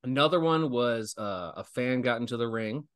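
A man in his thirties, a guest pro wrestler on a casual podcast, tells stories in an animated way, laughing often and swearing freely. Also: mid-range voice, moderate pace, clean tone. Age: 30s.

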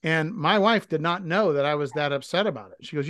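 A man's voice: fairly high pitch, animated, a little fast, hardly any pauses, fairly bright tone. A man co-hosting a podcast, talking candidly and reflectively, thinking aloud with restarts. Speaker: podcast co-host. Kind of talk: casual podcast chat.

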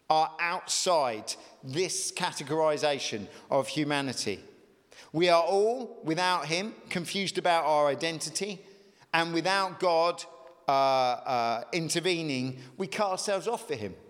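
A male pastor preaches with emphatic force, his fairly high voice leaping up on key words. The recording carries the long reverb of a large church hall. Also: unhurried, fairly bright tone. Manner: emphatic preaching with sudden rises in pitch. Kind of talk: sermon.

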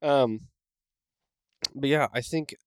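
A man's voice: mid-range voice, takes it slowly, no echo. A man co-hosting a casual podcast from home, talking in a rambling, easygoing way with many fillers. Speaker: podcast co-host. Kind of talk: casual chat. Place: home room.

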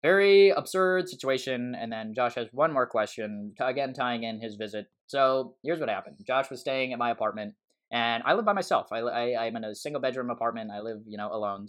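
Animated, bright-voiced young man on a podcast. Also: medium pitch. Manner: animated storytelling, quick and rambling. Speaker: podcast co-host. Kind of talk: casual podcast chat.

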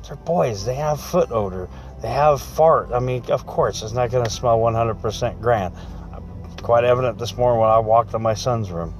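A man's voice: mid-range voice, moderate pace, faint music behind. A middle-aged man talking casually about his home life, acting out both sides of everyday conversations. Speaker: husband talking about marriage. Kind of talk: casual monologue.

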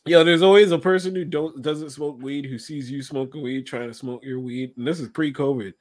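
A man's voice: mid-range voice, steady tone, brisk. A man in casual chat, telling slangy stories animatedly and breaking into laughter often.

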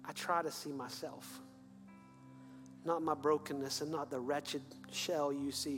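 A man preaching an earnest sermon as pastor, then leading a quiet prayer. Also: fairly high pitch, steady tone, a little slow. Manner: earnest, building to fervent then hushed prayer. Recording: long hall reverb with faint music.

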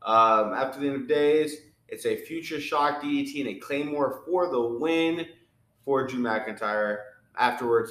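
A man's voice: lowish voice, fairly bright tone. A man co-hosting a podcast, recapping wrestling matches step by step and often stopping to restart a sentence. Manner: halting, restarts while describing moves. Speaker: podcast co-host. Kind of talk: casual play-by-play recap. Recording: echoey room.

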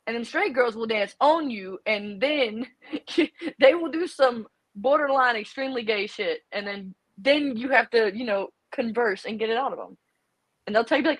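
A woman's voice: a little high, lively intonation, moderate pace, no room sound, rough recording. A young adult woman, a podcast guest, telling brash, joking stories in casual chat.

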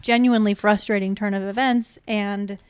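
A woman's voice: medium pitch, fairly even intonation, normal speed, clear, resonant tone, no echo. A young woman in casual podcast chat, retelling a movie plot with quoted lines and frequent laughs. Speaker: podcast co-host. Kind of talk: casual film recap chat.

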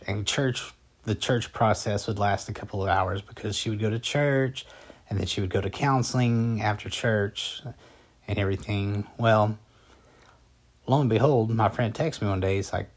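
A man casually telling a personal story as a vlogger, rambling and conversational with a calm, matter-of-fact delivery. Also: lowish voice. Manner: rambling and conversational, with frequent fillers and restarts.

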